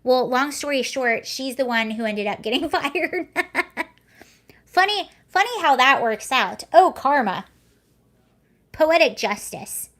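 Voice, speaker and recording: A woman's voice: sits high, animated, slow, pauses often, fairly bright tone. A young woman hosting a casual livestream, talking in a chatty, rambling way and often correcting herself mid-sentence. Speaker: livestream host.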